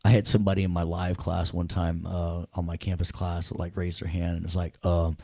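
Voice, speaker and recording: A man teaching audio software in a casual, jokey way, talking straight to his students. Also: low voice, level tone, brisk, creaky, few pauses, no room sound, clean studio sound. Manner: chatty, jokey, addresses students directly. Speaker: audio production instructor. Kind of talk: casual screen-share software lesson.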